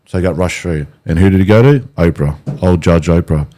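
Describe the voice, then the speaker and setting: Australian podcast host, low and mellow voice, rambling and hesitant. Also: male voice, lively intonation, brisk. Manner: rambling, hesitant, full of restarts. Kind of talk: casual conversation.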